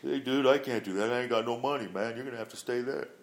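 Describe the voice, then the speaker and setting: A man quoting his broke buddy in an offhand, dismissive slangy voice, a little higher than his own. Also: fast talker, close to an everyday voice. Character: broke, careless male buddy.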